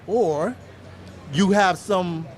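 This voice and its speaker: A man's voice: high-pitched, extremely slow. Insistent man arguing on the street. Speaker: street debater. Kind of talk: street debate argument.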